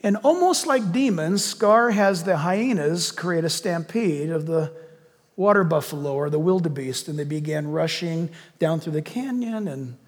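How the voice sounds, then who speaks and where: A male pastor preaching a sermon and leading a closing prayer, animated, hushing his voice to act out a villain's lines. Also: on the high side, measured pace, in a large hall.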